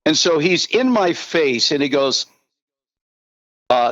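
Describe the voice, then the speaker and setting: A man in his sixties, a podcast guest, telling animated, profane anecdotes in casual talk. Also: a little high, slow, long pauses, dry recording, lo-fi sound. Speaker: podcast guest, former team spokesman.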